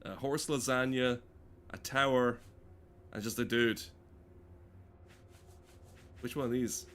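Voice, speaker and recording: A man's voice: mid-range voice, steady tone, slow pace, a bit bright, slight background noise. A man giving casual, joking commentary while playing a game, rambling and swearing often. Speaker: gaming streamer. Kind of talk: casual let's play commentary.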